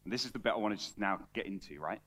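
A man's voice: on the low side, animated, very fast, fairly bright tone. A man preaching a conversational sermon, reading scripture aloud and often repeating words as he talks.

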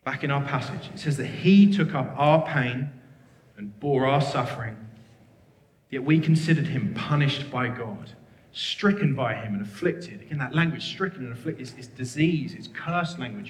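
Emphatic male preacher in an echoey hall. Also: medium pitch. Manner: earnest, emphatic, quotes scripture rapidly. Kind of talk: sermon. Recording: echoey hall with long reverb.

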